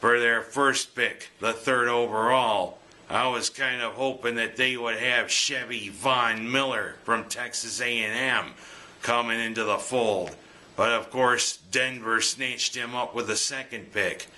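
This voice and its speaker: A man's voice: mid-range voice, steady tone, unhurried, bright, forceful tone. A man giving jokey, punning scripted sports commentary as host. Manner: jokey, punning, breaks into goofy singing.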